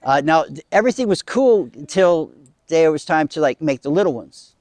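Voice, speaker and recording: A man's voice: fairly high pitch, animated, moderate pace, a little mellow, no echo. A middle-aged man telling a comic story to a small live audience in a casual, chatty way. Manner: casual, chatty, acting out voices in quotes. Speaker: comedic storyteller.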